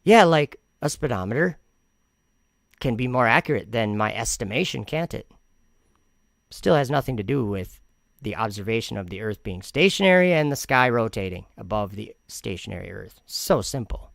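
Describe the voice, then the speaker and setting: A man's voice: on the low side, animated, normal speed, vocal fry, no room sound, clean studio sound. A man hosting a commentary vlog, reacting to comments in an argumentative, sarcastic way and rambling with frequent restarts. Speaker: channel host.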